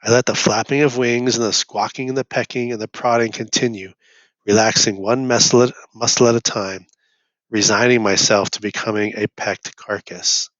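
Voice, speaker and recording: A man's voice: fairly low pitch, fairly even intonation, moderate pace, a bit bright, no echo. Man reading aloud, dull dry recording. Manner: first-person narration, rising to urgent cries. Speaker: reader. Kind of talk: audiobook reading.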